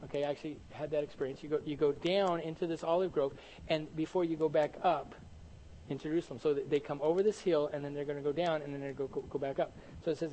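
A male pastor preaching a sermon in an animated way, peppered with rhetorical questions. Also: on the high side, fast talker, poor audio.

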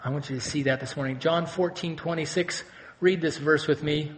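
High-voiced preacher man, animated. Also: moderate pace. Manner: animated, swings between loud exclamations and quiet intensity; asks the congregation rhetorical questions. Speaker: pastor. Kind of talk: sermon.

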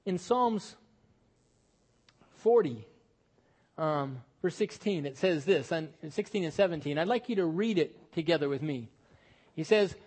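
A man's voice: high voice, expressive, measured pace, pauses often, darkish tone, slightly rough. A middle-aged man preaching a sermon as pastor, conversational and self-deprecating, with sudden lifts of the voice for emphasis.

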